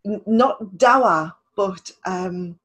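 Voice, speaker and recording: A woman's voice: mid-range voice, drawn-out words, fairly bright tone, slightly rough, low-quality recording. A woman writer hosting a casual interview, talking in a chatty way with many restarts and repeated words. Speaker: podcast host and writer.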